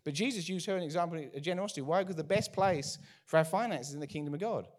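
A man preaches a sermon to a live congregation at a rapid clip. His voice sits a little high, and he is animated and throws in joking asides. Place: church before a congregation.

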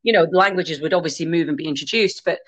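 A woman's voice: sits low, fast, highs cut off. A woman raised in Scotland, chatting casually on a podcast as a guest who teaches Gaelic, rambling with many restarts.

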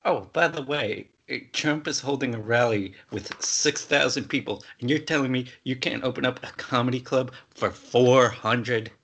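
Chill young guy pushing back in a debate, a bit raspy, mid pitch. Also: normal speed, hardly any pauses. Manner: laid-back, teasing, pushes back calmly. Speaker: co-host. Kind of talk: heated casual debate.

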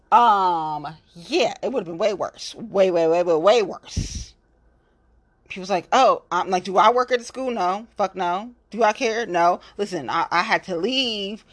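Blunt, profane woman ranting casually. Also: mid-range voice. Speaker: local political activist. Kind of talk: casual monologue.

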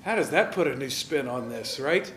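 A man preaching a sermon in a lively, conversational way, asking his listeners questions and directing slides. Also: medium pitch, moderate pace, echoey room, a little hiss or hum. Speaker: pastor.

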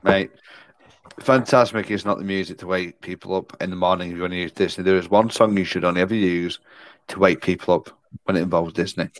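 Low-voiced joking man. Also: steady tone, brisk, no room sound. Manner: joking, opinionated, hums tunes. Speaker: podcast co-host. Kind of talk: casual chat.

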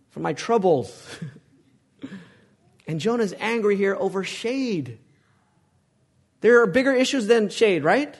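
Pastor, male, slightly high voice, emphatic sermon delivery that quizzes the congregation. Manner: asks the congregation questions, emphatic preaching.

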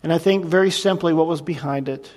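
A man's voice: on the high side, a little fast, darkish tone. A man preaching a verse-by-verse sermon in a conversational, reflective way, with frequent asides to the congregation. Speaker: pastor. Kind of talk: sermon, verse-by-verse Bible teaching.

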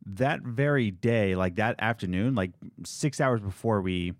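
A young man co-hosting a podcast, telling stories in a rambling, animated way with frequent restarts. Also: on the low side, unhurried, no room sound, studio quality. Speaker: podcast co-host. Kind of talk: casual chat.

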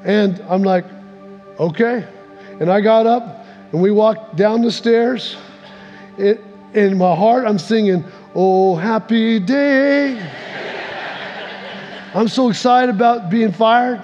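A man's voice: unhurried, darkish tone, dull audio. A male pastor telling a personal story in a sermon, acting out what people said with big swings in voice. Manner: storytelling, acts out quotes with big swings in pitch. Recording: echoey hall with faint music.

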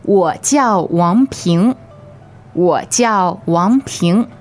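A woman modelling phrases slowly and clearly as a co-teacher in a podcast lesson. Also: lowish voice, expressive, a little mellow, soft background music. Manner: slow, clearly enunciated. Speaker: language teacher. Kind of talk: slow model pronunciation.

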